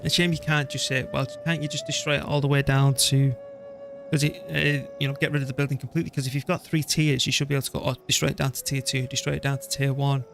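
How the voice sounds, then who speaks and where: A man's voice: medium pitch, little pitch movement, fast talker, creaky, fairly bright tone, soft background music. A man, casually talking through a strategy game he is playing and muttering to himself as he goes. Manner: chatty, muttering to himself, mild swearing. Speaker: streamer. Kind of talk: casual gameplay commentary.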